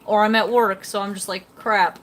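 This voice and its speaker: A woman's voice: mid-range voice, level tone, fairly quick, a little hiss or hum. A young woman chatting casually on a live stream, rambling and reading out chat comments beside her fish tank at home. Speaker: fish-keeping livestreamer.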